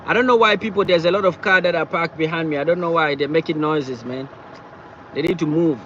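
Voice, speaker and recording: A man chatting casually on a live stream from his car, talking in halting bursts and repeating himself as he answers viewers. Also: a little high, a bit bright, lo-fi sound, a little hiss or hum. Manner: halting, repeats words and phrases often. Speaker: livestreamer reading viewer chat. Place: in or beside a parked car.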